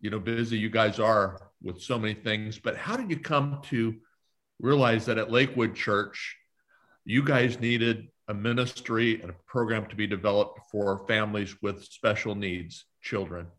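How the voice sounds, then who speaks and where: A man's voice: lowish voice, moderate pace, a bit bright. A man hosting an interview, affirming his guest enthusiastically before asking a question.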